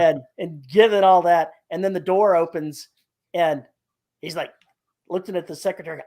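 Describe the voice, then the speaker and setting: A man's voice: a little high, steady tone, normal speed, darkish tone. Chatty man co-hosting a writing podcast. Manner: chatty storyteller, acts out quotes. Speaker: podcast co-host. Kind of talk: casual chat about writing.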